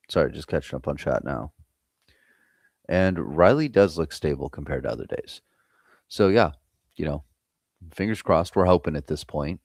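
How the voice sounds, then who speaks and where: Very deep-voiced profane American man. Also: normal speed, gravelly, a little mellow, no echo, studio quality. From United States. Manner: loose, profane, chatting with viewers. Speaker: trading stream host. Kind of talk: casual live-stream chat.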